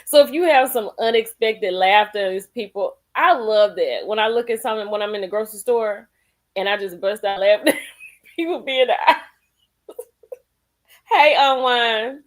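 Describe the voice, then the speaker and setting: A woman's voice: medium pitch, lively intonation, fairly quick. A woman hosting a casual live stream, chatting with viewers, greeting them by name and laughing often. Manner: folksy, calls people girl and honey.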